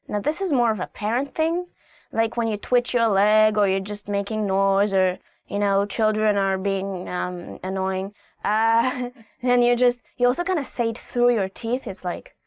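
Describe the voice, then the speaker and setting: A woman's voice: medium pitch, a little slow, smooth, dry recording. A woman teaching phrases in a casual video lesson, chatty and playful, acting out little example lines. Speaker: language teacher.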